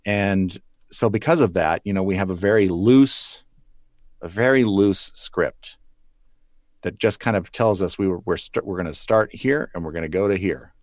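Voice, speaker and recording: Deep-voiced man telling studio stories. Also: moderate pace, no echo. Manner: loose, rambling with restarts and chuckles. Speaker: puppeteer guest. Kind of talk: relaxed interview answers.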